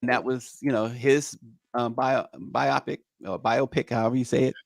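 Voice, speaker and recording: A male morning show host talking through the news in a loose, chatty way, often pausing on fillers and restarting phrases. His voice sits at a middling pitch and is picked up close and dry on a studio mic, with no room sound around it. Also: level tone, no echo. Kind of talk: news talk and casual commentary.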